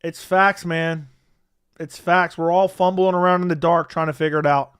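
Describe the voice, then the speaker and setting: A man's voice: on the high side, little pitch movement, moderate pace, a bit bright, clear, resonant tone, no room sound, studio quality. A young man hosting a casual livestream, reading out donations and chatting easily with viewers, often repeating himself.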